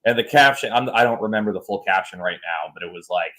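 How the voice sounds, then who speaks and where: A man hosting a podcast in casual chat, joking and animated as he tells stories. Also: lowish voice, quick pace. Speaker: podcast host.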